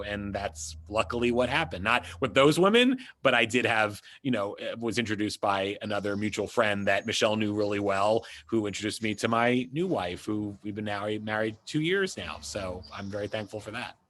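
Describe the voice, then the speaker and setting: A man's voice: fairly low pitch, moderate pace, few pauses, a bit bright, dry recording. A man from the United States, a publicist being interviewed, telling a personal story in a casual, rambling way with lots of "you know" and restarts.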